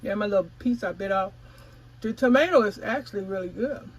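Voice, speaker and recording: Eine Frau, die in lockerem Plauderton für ihren Gartenkanal vlogt, ihre Zuschauer direkt anspricht und manchmal beim Kauen redet. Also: female voice, mid-range voice, a little fast, breathy edge, dull audio. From California. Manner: chatty, addresses viewers as y'all; talks while chewing. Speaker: gardening vlogger. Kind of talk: casual vlog chat.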